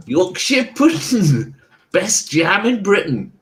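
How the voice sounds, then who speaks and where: A man's voice: high voice, big pitch swings, extremely slow, pitched above the performer's own voice, heavily acted. A man putting on a chirpy Cornish street vendor. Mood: hawking. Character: pushy male street vendor selling puddings.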